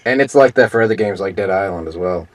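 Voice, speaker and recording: A man's voice: low voice, fast, no echo. A man hosting an interview, casual and friendly as he asks questions and thanks his guest. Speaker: host.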